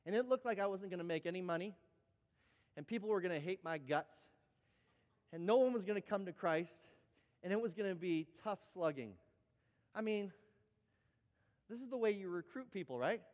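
A man preaching a sermon, telling stories with animated energy and often repeating words as he builds up. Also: sits high, moderate pace, long pauses, in a large hall, dull audio. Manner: animated storytelling, repeats words when excited. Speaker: pastor.

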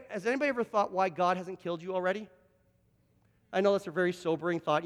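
A man's voice: sits high, a bit bright, long reverb tail. A Canadian man preaching a sermon as pastor, earnest, often repeating words as he presses a point.

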